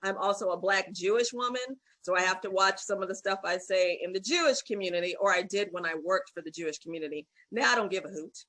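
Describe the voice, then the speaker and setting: A woman guest on a panel talk, direct and opinionated. Her voice is bright and cutting, at an ordinary pitch. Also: quick pace, few pauses, rough recording. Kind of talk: candid conversation.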